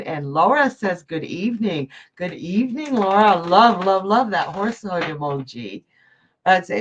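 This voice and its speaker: A woman's voice: on the low side, expressive, moderate pace, lo-fi sound. A woman from Georgia, hosting a live psychic stream and chatting effusively with viewers, laughing often. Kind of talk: casual live-stream chat reading viewer comments.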